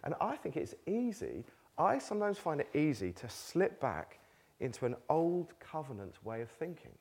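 In front of a live church congregation, a preacher with a gravelly, breathy-edged voice delivers an informal, conversational sermon. His pitch swings animatedly, and he drops self-deprecating jokes and quick laughs between his points.

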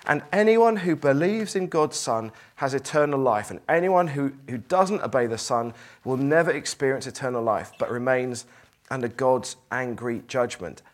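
A middle-aged man preaches a sermon to his congregation. His voice sits at an ordinary mid pitch. He reads scripture aloud with strong emphasis and swings between lively, raised passages and quiet, earnest ones. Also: normal speed.

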